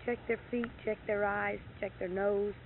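On faintly hissing, tinny lo-fi tape, a middle-aged horse owner with a creaky, medium-pitched voice recounts stories at a moderate pace. Her casual telling is animated, with quoted dialogue acted out and rising heat when she retells her anger.

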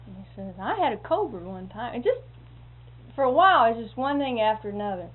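A woman tells homespun anecdotes in a casual way, chuckling often and acting out what other people said. Her voice is fairly high, sing-song, brisk, and a bit breathy. The audio is lo-fi and phone-like, with faint hiss.

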